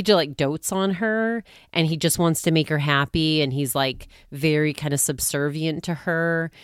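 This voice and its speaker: A woman's voice: low voice, clear, resonant tone, no room sound, studio quality. A woman hosting her own podcast, chatting casually and rambling a little while she retells a scene and acts out what people said. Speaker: podcast host. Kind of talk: casual chat.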